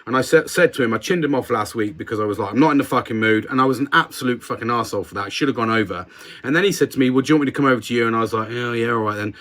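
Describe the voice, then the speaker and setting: A man's voice: medium pitch, very fast, a bit bright. A man co-hosting a casual podcast, talking candidly and self-critically, with a lot of swearing. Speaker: podcast co-host.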